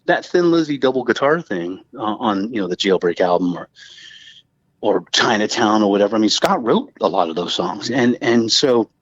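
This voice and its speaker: A man who is a guest musician on a podcast, telling stories in a rambling, animated casual chat full of fillers. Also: lowish voice, normal speed, husky, no room sound, highs cut off.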